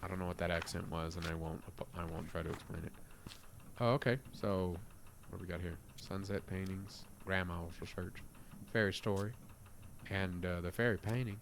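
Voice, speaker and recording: A man streaming a puzzle game in casual commentary, thinking aloud, muttering and trailing off, with sudden excited gasps and exclamations. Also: low-pitched, moderate pace, creaky, noisy background.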